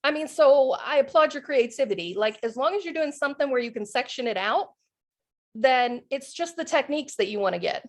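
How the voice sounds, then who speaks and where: High-voiced, upbeat woman teaching a class. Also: animated, fairly quick. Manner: upbeat, encouraging, laughs often. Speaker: cookie decorating instructor. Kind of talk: live online class teaching.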